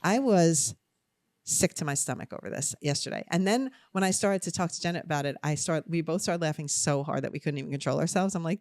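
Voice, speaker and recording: A young adult woman with a New Jersey accent, co-hosting a podcast in casual chat, telling a story in an animated, self-deprecating way. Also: lowish voice, fast, dry recording, studio quality. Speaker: podcast co-host.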